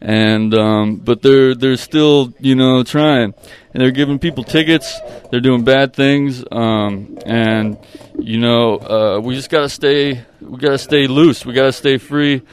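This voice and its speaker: A man's voice: mid-range voice, measured pace, few pauses. A man hosting a casual community radio show, rambling with many fillers and repeated words. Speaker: radio host.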